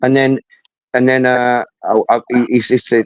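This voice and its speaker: A man's voice: mid-range voice, little pitch movement, normal speed, no room sound, rough recording. A middle-aged man, telling a story in casual chat, blunt and sweary, often repeating himself.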